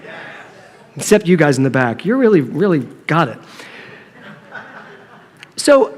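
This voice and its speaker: A middle-aged man preaching a sermon, telling a humorous story and acting out the dialogue in a playful, animated way. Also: on the high side, measured pace, long pauses. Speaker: minister. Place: church sanctuary. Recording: long reverb of a hall.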